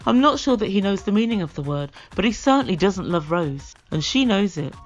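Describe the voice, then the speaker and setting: A woman's voice: mid-range voice, sing-song, a little fast. A woman hosting a comedic reality TV review, sarcastic and given to acting out the quotes. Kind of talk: comedic recap commentary. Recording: dull lo-fi recording with faint music.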